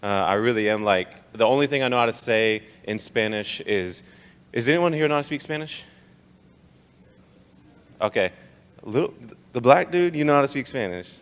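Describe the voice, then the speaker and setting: A man's voice: medium pitch, normal speed, pauses often, smooth. Joking young man in a big hall. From Texas. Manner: casual, joking, animated storytelling. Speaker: speaker. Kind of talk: personal testimony talk. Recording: long hall reverb.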